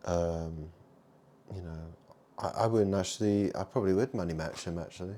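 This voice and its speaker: A man vlogging in a rambling monologue, muttering asides and swinging between loud remarks and hushed ones. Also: low-pitched, normal speed.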